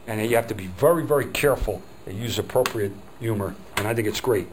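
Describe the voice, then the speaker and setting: A man's voice: on the low side, fast talker, background noise. Chatty New Jersey man giving a talk. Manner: chatty, digressive, acts out quoted customers. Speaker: business trainer. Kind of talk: informal seminar lecture.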